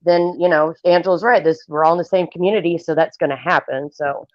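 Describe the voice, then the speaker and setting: A woman's voice: on the low side, fairly even intonation, fast talker, no room sound. A woman co-hosting a livestream in casual chat, blunt and opinionated, talking at length. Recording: dull lo-fi stream audio.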